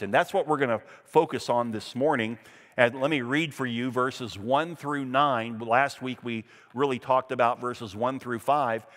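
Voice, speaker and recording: A man's voice: medium pitch, a bit bright, in a large hall. A man preaching a Sunday sermon as pastor, reading scripture aloud and stressing points with emphasis.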